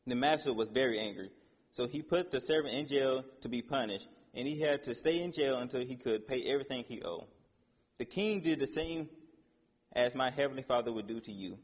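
Husky-voiced man preaching in a hall. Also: medium pitch. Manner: casual, halting, with restarts while reading aloud. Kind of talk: informal sermon with scripture reading.

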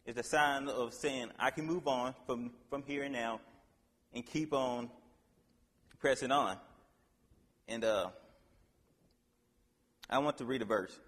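A man giving an informal sermon, reading a Bible passage aloud and explaining it in a casual, halting way with restarts. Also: mid-range voice, fairly bright tone, big-room sound. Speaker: preacher.

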